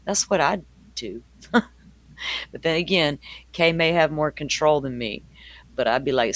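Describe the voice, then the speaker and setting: Southern older guy hosting a live stream, gabby and laughing, slightly high voice. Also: measured pace, long pauses, fairly bright tone. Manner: chatty, laughs often, addresses viewers by name. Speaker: true crime livestream host. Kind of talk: casual chat with live viewers.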